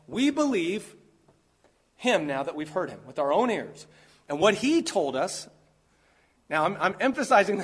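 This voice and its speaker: A male preacher delivering a sermon while he is sick. His voice sits high for a man and has a husky edge. He drives his points home by piling up words one after another. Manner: emphatic, stacks and repeats key words.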